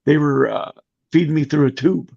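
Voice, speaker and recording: Gravelly middle-aged man telling a story. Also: a little high, moderate pace. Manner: animated, acts out quoted voices. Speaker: podcast guest. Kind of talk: casual storytelling. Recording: muffled lo-fi podcast audio.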